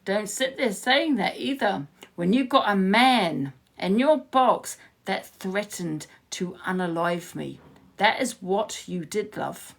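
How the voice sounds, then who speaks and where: A woman's voice: medium pitch, lively intonation, takes it slowly, gravelly. A woman livestreaming from her phone, heated and confrontational, swearing freely as she rants to her viewers. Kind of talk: ranting live stream to viewers.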